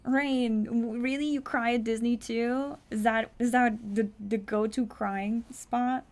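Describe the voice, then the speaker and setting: A young woman streaming herself playing a text adventure, reading the story text aloud quickly and breaking in with blunt, incredulous asides and the odd swear. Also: a little high, steady tone, darkish tone. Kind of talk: casual live-stream commentary, reading game text aloud.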